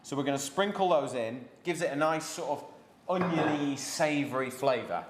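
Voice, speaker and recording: A chatty, encouraging man with a slightly high voice talks through a recipe and jokes with his daughter beside him. He is recorded in an echoey home kitchen with faint noise behind him. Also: animated, normal speed. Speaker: cooking class host. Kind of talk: live kids' cooking class.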